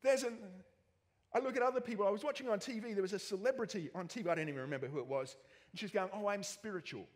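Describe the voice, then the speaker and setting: A man with an Australian accent preaching a sermon in a church, jokey and animated with self-mocking asides. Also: sits high, very fast. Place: church hall. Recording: long church hall reverb.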